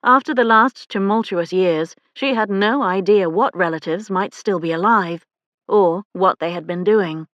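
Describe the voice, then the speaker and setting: A woman reading a historical romance novel aloud as an audiobook narrator, in a measured, even storytelling manner. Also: mid-range voice, no room sound, highs cut off. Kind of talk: scripted narration.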